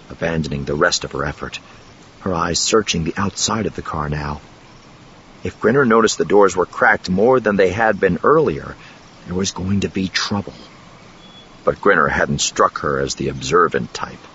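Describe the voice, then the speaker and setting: A man reading a novel aloud in steady, measured narration. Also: low voice, muffled recording, a little hiss or hum. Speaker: audiobook narrator. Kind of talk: scripted narration.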